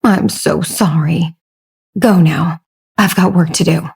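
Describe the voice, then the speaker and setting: A woman voicing a businesslike female executive who speaks in a dry, sarcastic way, with a mellow, breathy voice. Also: mid-range voice, normal speed. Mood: calm. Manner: sarcastic, matter-of-fact.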